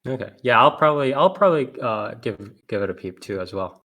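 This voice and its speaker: A man's voice: medium pitch, expressive, brisk, bright, forceful tone. Casual male podcast host, mid voice, laughs a lot, reads blurbs loosely. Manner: laughs often, swears casually, stumbles over names. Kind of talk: casual podcast chat reading anime previews.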